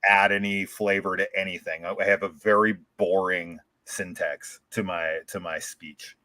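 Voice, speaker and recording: A man's voice: sits low, little pitch movement, normal speed, bright, forceful tone, no room sound. A man from California with a Californian American accent, co-hosting a casual, jokey chat. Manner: laid-back, jokey, laughs often. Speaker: podcast co-host.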